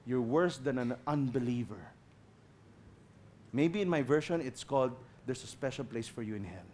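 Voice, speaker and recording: A man with a Filipino accent preaching a sermon as a guest pastor, passionate, swinging between loud emphasis and quiet asides, slipping in Tagalog phrases. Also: mid-range voice, expressive, normal speed, a little hiss or hum.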